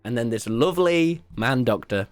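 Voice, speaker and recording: A young Englishman tells a story to his stream chat, his voice swinging widely between low mutters and high yelps. He talks in an excitable way and swears freely, at a middling pitch. Faint music plays underneath. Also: normal speed. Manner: excitable, jumps from mumbling asides to loud yelps, swears freely. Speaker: livestreamer. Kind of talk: animated storytelling to a live chat.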